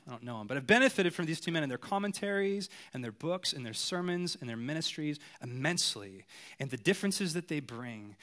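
A man preaching a sermon in a loose, chatty way, animated and full of asides. His voice sits on the higher side for a man. He addresses the congregation like friends. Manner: casual, animated, conversational preaching. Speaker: pastor.

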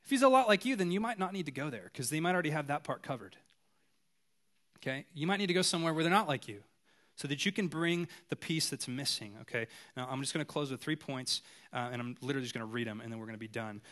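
A pastor, a man, preaching a sermon in a casual, animated, conversational way. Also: fairly high pitch, fast talker.

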